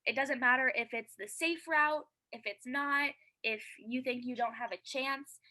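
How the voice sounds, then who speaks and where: A woman chatting as an interview guest, her tone bright and forward, her pitch sitting a little high. She talks eagerly and earnestly, with plenty of fillers. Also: unhurried, poor audio. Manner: earnest and heartfelt. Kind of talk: casual interview chat.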